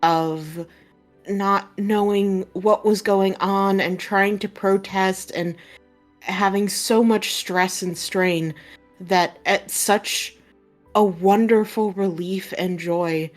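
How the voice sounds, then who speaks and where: A woman narrating a tabletop role-playing game as game master, unhurried and full of "like" and "uh" fillers. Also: mid-range voice, fairly even intonation, soft background music.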